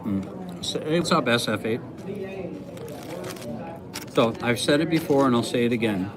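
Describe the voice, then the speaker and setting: A man's voice: mid-range voice, a little slow, crowd noise. A man on a live stream, chatting casually with viewers while he eats. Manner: relaxed, talking while eating. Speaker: streamer eating on camera.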